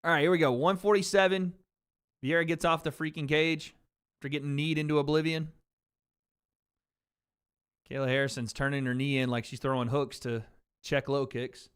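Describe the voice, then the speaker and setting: A man's voice: fairly high pitch, steady tone, normal speed, long pauses, a bit bright, clean tone. A man hosting a livestream watch party, riffing on chat in blunt, profane casual commentary. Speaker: livestream host.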